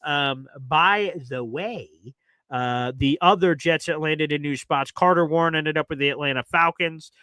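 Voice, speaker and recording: A man with a Southern American accent hosts a casual sports talk show in a bright, forceful voice pitched a little high. His delivery is animated and teasing. The sound is dry and close. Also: normal speed, few pauses, clean tone, no room sound. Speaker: podcast host.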